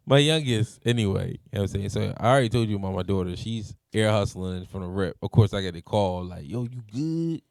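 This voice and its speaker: A man in his thirties hosting a casual group podcast, telling stories in a lively way and laughing often. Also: fairly low pitch, brisk, gravelly, hardly any pauses, no room sound, studio quality. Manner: animated storyteller, laughs often. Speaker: podcast host.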